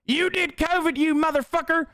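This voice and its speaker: A man voicing a mocking caricature of a hypocritical, aggressive bigot in a high, sneering parody voice. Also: fairly even intonation, moderate pace, bright, forceful tone, no room sound, clean studio sound.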